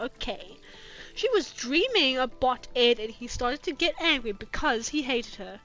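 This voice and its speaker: A young woman streamer doing a comic dramatic reading of fanfiction, with sarcastic, profane, deadpan asides into a streaming mic. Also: high voice, a little slow. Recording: dull lo-fi with music behind.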